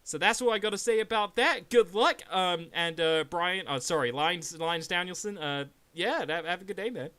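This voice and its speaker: A man's voice: sits high, moderate pace, few pauses, bright, forceful tone, clear, resonant tone. A man in character as a wrestling champion, talking trash in a brash, boastful way. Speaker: wrestler persona in a press conference roleplay.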